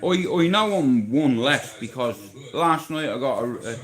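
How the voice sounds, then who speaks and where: A man's voice: mid-range voice, lively intonation, measured pace, fairly bright tone, rough recording. A man with an Irish accent ranting on a livestream, aggressive, taunting and boastful, swearing heavily and challenging his target directly. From Ireland. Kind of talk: livestream rant to camera.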